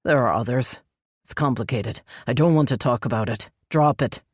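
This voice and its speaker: Gruff stern elf prince, as a woman reads him. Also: a bass voice, normal speed, no room sound, clean studio sound. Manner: gruff, curt, growling. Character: brooding male elf crown prince, stern.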